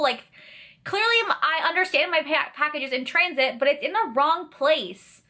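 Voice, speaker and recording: A woman's voice: sits high, animated, normal speed, pushed and bright. A young woman from Canada ranting in a vlog, blunt and sarcastic, with plenty of swearing. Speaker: vlogger.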